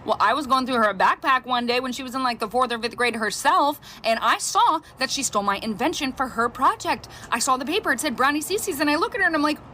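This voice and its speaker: A middle-aged woman, a mother, telling funny family stories in a casual, animated way, jumping her pitch for quoted voices. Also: quick pace, few pauses, a little hiss or hum. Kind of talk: casual storytime.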